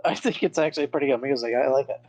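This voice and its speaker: A podcast co-host chatting casually, giggling often and tossing in quick jokes. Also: medium pitch, a little mellow, no echo. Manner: giggly, quick jokey interjections.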